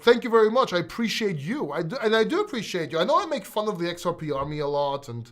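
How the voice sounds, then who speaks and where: A man hosting a crypto live stream, speaking in a voice a bit higher than most men's. He is excitable and emotional, and he swears freely. He talks casually and directly to the viewers in his chat. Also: rapid-fire.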